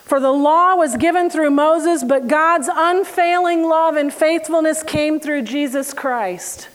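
A woman with a bright, high voice preaches in a relaxed, conversational way. She tells everyday stories with lively energy and laughter, then slows down and softens for scripture passages. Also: low-quality recording. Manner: animated, laughing storyteller who reads scripture slowly. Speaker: Bible teacher. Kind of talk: conversational sermon.

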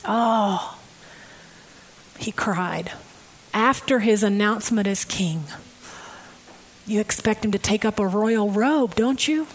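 A woman preaching a conversational sermon, emotive and personal, moving from hushed, near-whispered passages to loud, stirring ones. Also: mid-range voice, slow, pauses often, poor audio.

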